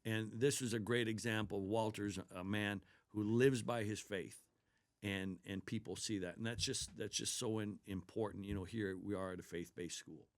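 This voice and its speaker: A man's voice: on the low side, fairly even intonation, moderate pace. A man who is a basketball head coach, talking earnestly in a casual interview and telling stories about his players with enthusiasm.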